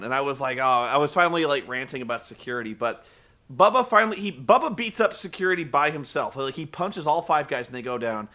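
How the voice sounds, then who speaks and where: A man casually recapping a wrestling show, rambling and profane, telling the story with animated energy. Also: a little high.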